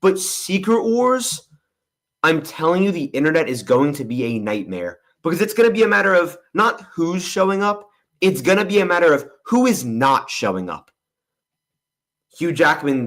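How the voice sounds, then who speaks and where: Hosting a movie livestream Q&A, a young man answers viewer questions in a slightly high, fairly bright voice. He tends to ramble and be candid, with frequent uses of "honestly" and "I'm gonna be real."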